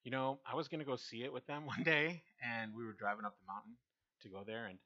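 A man's voice: mid-range voice, fairly even intonation, fast, bright, forceful tone. A young man telling a rambling, self-mocking story in a casual chat. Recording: slightly dull lo-fi sound.

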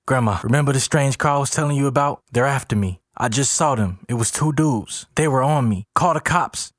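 A man's voice: mid-range voice, no echo, clean studio sound, voice pushed up, close to an everyday voice. A man voicing a frantic young man insisting he is being chased. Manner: rushed, insistent.

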